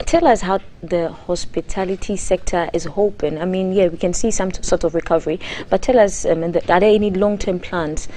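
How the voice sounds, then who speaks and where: Lady hosting breakfast tv, slightly low voice, lively, keeps repeating stuff back. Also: a little fast, few pauses, slight background noise. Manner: lively, prompting questions with echoing repeats. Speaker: breakfast show presenter. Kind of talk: live TV breakfast show interview. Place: TV studio.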